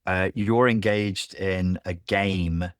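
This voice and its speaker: A man speaking as a podcast guest in a candid conversation, blunt and animated, who swears freely. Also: low voice, slow, no echo, clean studio sound. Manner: blunt and animated, swears, acts out quoted voices.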